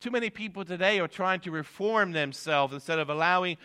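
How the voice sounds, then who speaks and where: A middle-aged man preaching an evening sermon, his tone bright and forceful. He swings between emphatic high peaks and low, quiet asides, punctuating points with "amen". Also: a little fast, clear, resonant tone. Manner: preaching with rising emphatic peaks, repeated "amen" and "guess what". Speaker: pastor.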